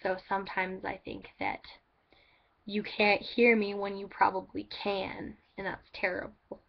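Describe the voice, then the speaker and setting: A woman's voice: medium pitch, little pitch movement, a little slow, creaky, dull audio. A woman telling a story in a casual vlog, rambling with lots of "like" and restarts. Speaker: vlogger.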